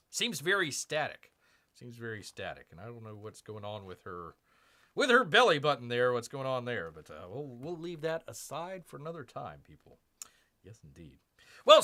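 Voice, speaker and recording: A man's voice: fairly high pitch, bright, forceful tone. A man hosting a casual live stream, rambling and self-mocking as he unboxes comics and reads chat, calling himself Bear.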